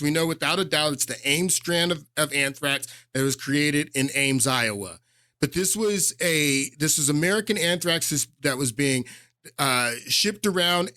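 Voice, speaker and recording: A man's voice: on the high side, fairly bright tone, no room sound, studio quality. A male podcast host giving casual political commentary, rambling with many fillers and restarts and leaning hard on his points.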